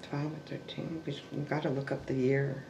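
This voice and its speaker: A man with a gravelly, creaky voice recounts a family story in a halting, searching way. He restarts sentences often and sometimes sinks into a hush. He is recorded in an echoey room with a faint noise underneath. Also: medium pitch, flat delivery, muffled recording. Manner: halting, with restarts and trailing fillers. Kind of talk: oral history storytelling.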